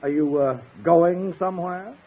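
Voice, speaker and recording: A man's voice: sits high, unhurried. An actor playing a stern, pompous man school official in a 1950s radio comedy. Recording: tinny old radio broadcast with faint hiss.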